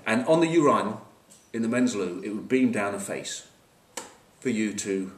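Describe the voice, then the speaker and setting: This rugby pundit sounds animated, his voice on the low side and his pace normal, as he jokes wryly through a casual match preview packed with asides and fillers. A far-off camcorder mic captures him, leaving a roomy tone and a touch of hiss or hum.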